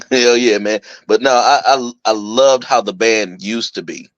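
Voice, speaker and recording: A young man chatting casually on a podcast, telling stories with lots of laughter and acting out quotes in a higher voice. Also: a little slow, no echo, highs cut off. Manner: animated storyteller, acts out quotes in a higher voice, laughs often. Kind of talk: casual chat.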